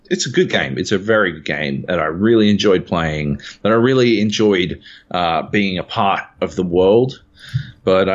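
Low-voiced male game critic, swearing, exasperated, casual podcast, dull lo-fi sound. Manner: profane, exasperated ranting.

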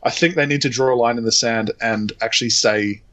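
A man hosting a gaming podcast, casually telling an animated story, acting out the quotes and swearing freely. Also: medium pitch, fairly quick. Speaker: podcast host. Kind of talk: casual chat.

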